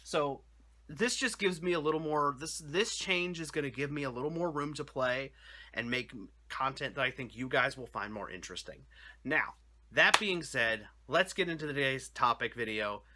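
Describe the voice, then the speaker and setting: A man's voice: mid-range voice, sharp tone. A young adult man hosting his own channel, talking casually to his viewers in a rambling, jokey way with lots of restarts and "you know". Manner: rambling, self-correcting, chatty with frequent "you know". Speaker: YouTube channel host. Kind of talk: casual talk to camera.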